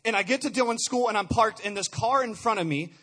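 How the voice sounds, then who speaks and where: A man's voice: high-pitched, fast, fairly bright tone. A young man giving an earnest personal testimony, often stumbling over repeated words. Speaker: speaker sharing a testimony.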